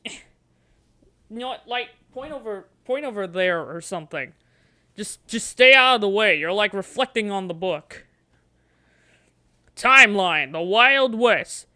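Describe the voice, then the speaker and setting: A woman streaming a gamebook, chatting playfully and coaxing her dice. She talks at an unhurried pace with a bright, clear tone. The sound is dry and close. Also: mid-range voice, expressive, dry recording. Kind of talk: livestream playing a gamebook.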